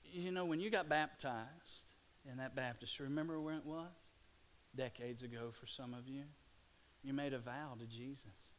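A man from Louisiana, preaching a sermon and swinging between hushed, slow passages and loud, excited bursts. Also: mid-range voice, a little hiss or hum. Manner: dynamic, swings from hushed to shouting. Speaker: pastor.

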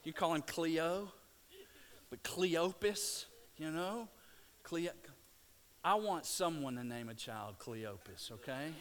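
A middle-aged man preaching a sermon, telling scripture stories with lively restarts and stammers. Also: on the high side, slow. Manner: animated storytelling, stammering restarts.

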